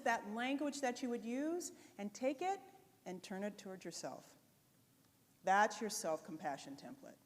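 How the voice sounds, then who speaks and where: A woman giving a motivational conference talk, chatty and animated, speaking straight to the audience. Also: a little high. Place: conference stage before an audience. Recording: live talk in a reverberant hall.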